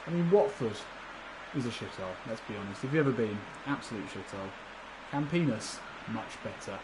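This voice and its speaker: A man's voice: mid-range voice, expressive, fairly quick, background noise. A man commenting live on a football video game, chatty and laughing often, swearing casually and talking to his viewers. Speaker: gaming livestreamer.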